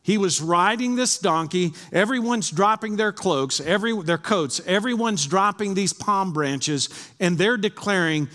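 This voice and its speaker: A man's voice: high-pitched, unhurried, few pauses, fairly bright tone. A man preaching a sermon as pastor, reading scripture aloud and urging his congregation earnestly, recorded in a church. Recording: long hall reverb.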